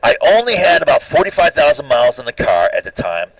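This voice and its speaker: A man's voice: medium pitch, sing-song, fast talker, vocal fry, no echo, low-quality recording. A man telling a long personal story in an agitated, suspicious way, rambling and tagging "right?" onto his sentences. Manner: rambling, keeps asking "right?". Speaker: lecturer.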